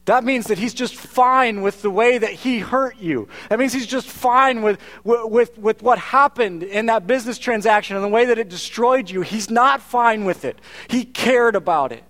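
A pastor delivers a sermon in a fairly high male voice. He talks to his congregation in an earnest, conversational way and often restarts his phrases as he goes. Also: moderate pace, hardly any pauses, fairly bright tone.

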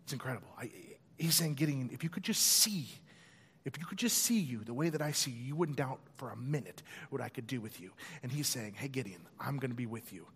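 Animated man preaching in a reverberant hall. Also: mid-range voice, brisk, breathy edge. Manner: animated storytelling, acting out voices. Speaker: pastor. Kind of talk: sermon.

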